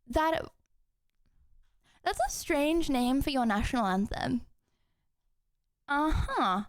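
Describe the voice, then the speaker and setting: A woman's voice: a little high, lively intonation, takes it slowly, long pauses, no room sound, studio quality. A young woman livestreaming from home, chatting casually while reading chat messages, giggling and cutting herself off mid-sentence. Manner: chatty, giggly, self-interrupting.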